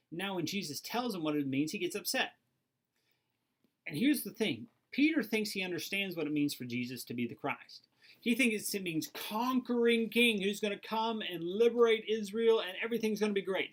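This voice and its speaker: A man speaking as a pastor on a livestream, in earnest, explaining step by step and repeating words for emphasis. His voice sits a little high for a man and carries a gravelly edge. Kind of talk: daily Bible study talk. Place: church livestream.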